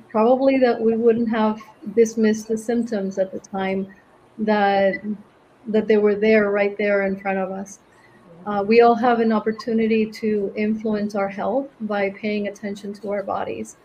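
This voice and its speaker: A woman's voice: medium pitch, a little hiss or hum, poor audio. Reflective woman from Venezuela. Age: middle-aged. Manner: reflective, gentle, laughs often. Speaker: guest, cancer survivor and author. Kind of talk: interview conversation.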